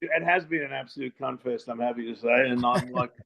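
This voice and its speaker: A man's voice: medium pitch, a little fast, creaky, dull audio, over a noisy crowd. An older man from South Africa with a mixed South African accent, a guest on an interview show, telling rambling, bawdy, joking stories over a remote call line. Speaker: guest filmmaker. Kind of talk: casual interview chat.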